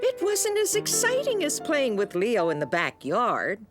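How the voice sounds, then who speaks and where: A woman's voice: fairly high pitch, wildly swooping pitch, unhurried. Woman narrating a children's cartoon. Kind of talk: scripted storybook narration. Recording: music underneath.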